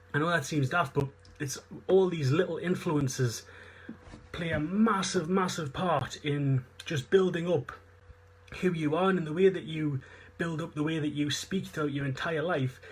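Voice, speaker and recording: A man's voice: on the high side, husky. A man with a Northeast English accent, a fitness coach giving a seminar talk and explaining things earnestly, repeating himself as he goes. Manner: earnest, repetitive explaining with fillers. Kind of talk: live online seminar talk.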